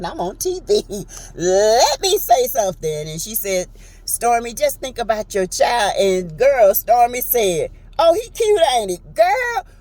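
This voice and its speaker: Animated chatty woman recapping TV. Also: poor audio. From Southern United States. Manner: animated, chatty, acts out quotes in a high voice. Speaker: reality TV recap host. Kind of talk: casual chat recapping a show.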